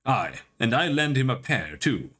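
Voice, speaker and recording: A man voicing a fierce, brash woman spirit who speaks in a rough, put-on brogue. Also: fairly low pitch, very animated, measured pace, fairly bright tone, exaggerated voice. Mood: defiant. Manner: rough, mock brogue, defiant.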